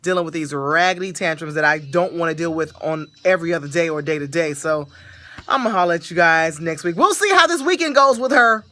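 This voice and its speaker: A woman hosting a casual podcast, telling a story in an animated way and laughing often. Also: lowish voice, fairly quick. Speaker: podcast host.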